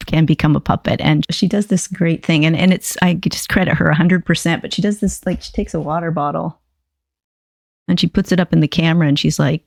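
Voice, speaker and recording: A woman's voice: fairly low pitch, creaky, dry recording, studio quality. An older woman hosting a casual livestream as a puppeteer, chatty and rambling. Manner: chatty, rambling, self-deprecating.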